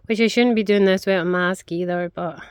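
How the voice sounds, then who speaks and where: A woman's voice: medium pitch, fairly even intonation, fairly quick, clear, resonant tone. A middle-aged woman talking casually as she works in her craft studio, rambling from one thing to the next. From Scotland. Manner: rambling, chatty, talks to her pets. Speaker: craft vlogger. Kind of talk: casual chatty vlog.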